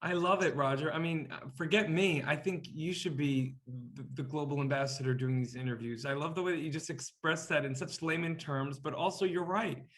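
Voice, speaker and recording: A man's voice: on the high side, fairly even intonation, brisk, hardly any pauses. A man hosting an interview over a video call, gushing and effusive with praise. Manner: gushing and effusive, piling on compliments. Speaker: interview host.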